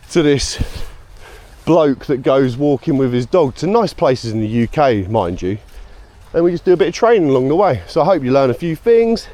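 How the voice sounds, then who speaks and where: A man's voice: medium pitch, mellow. A British man chatting casually to camera while out walking his dog, rambling, with sarcastic asides. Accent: British English. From United Kingdom. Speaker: vlogger.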